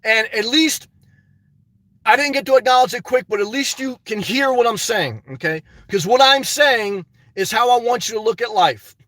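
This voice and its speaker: High-voiced man, far from the mic. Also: normal speed, fairly bright tone, no room sound. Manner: chatty, repeats "okay" often. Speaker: livestream host. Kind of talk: reading out live chat. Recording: dry sound, voice away from mic.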